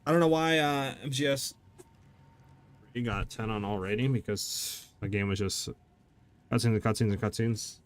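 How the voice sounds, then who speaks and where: A man's voice: on the low side, steady tone, moderate pace, long pauses. A man streaming a game, chatting casually with his viewers in a laid-back, talkative way. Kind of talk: casual live-stream chat while gaming.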